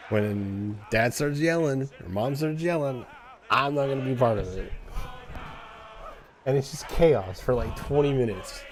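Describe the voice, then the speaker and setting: A man streamer chatting casually, telling an animated story in a loose, profane way and imitating cat noises. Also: medium pitch, a little slow. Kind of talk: casual chat.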